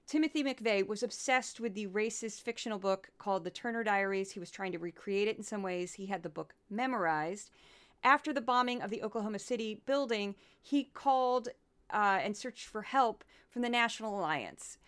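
A woman's voice: medium pitch, fairly bright tone, clean tone. A woman podcast host, giving chatty, sarcastic commentary into a close mic. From southern United States. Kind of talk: casual commentary.

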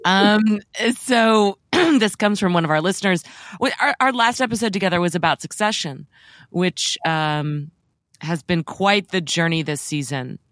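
Low-voiced, wry woman co-host. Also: a little slow, a bit bright, no echo, studio quality. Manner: wry, teasing, self-deprecating. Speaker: podcast co-host. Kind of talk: casual chat.

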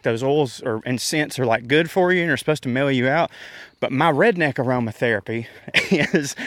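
A man's voice: a little high, a bit bright, dry recording, clean studio sound. A man, rambling through a casual, self-deprecating rant with frequent laughs while walking outdoors in a park, slightly out of breath. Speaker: comedian podcast host.

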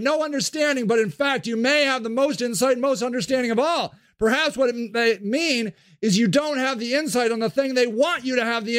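A man's voice: extremely high pitch, a bit bright, no room sound, clean studio sound. A man hosting a podcast, delivering an impassioned, profane spoken-word monologue. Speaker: podcast host.

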